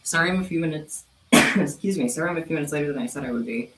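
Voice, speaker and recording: A man's voice: a little high, racing. A man vlogging casually to his viewers, out of breath and apologetic, laughing between phrases. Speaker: crafting vlogger. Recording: echoey room with faint noise.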